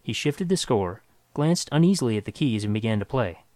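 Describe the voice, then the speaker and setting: A man reading a science fiction story aloud with dramatic, expressive narration. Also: medium pitch, a little fast, loud music behind the voice.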